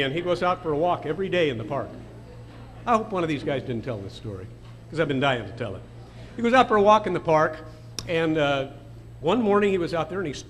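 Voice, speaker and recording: A man's voice: on the high side, fairly bright tone, slight background noise. An older man leading a dinner crowd in songs, telling jokes in a folksy, chuckling way. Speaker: song leader and emcee. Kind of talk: casual emcee patter and joke telling.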